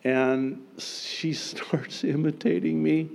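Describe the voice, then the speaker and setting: A middle-aged male pastor preaching a sermon, emphatic and humorous, with sudden loud outbursts. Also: fairly high pitch, fairly even intonation, slow, vocal fry.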